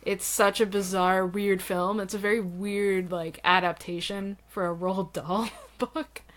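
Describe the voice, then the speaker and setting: A woman co-hosting a podcast, chatting casually about films, animated and laughing, with many fillers. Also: mid-range voice, unhurried. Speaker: podcast co-host. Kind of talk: casual film discussion.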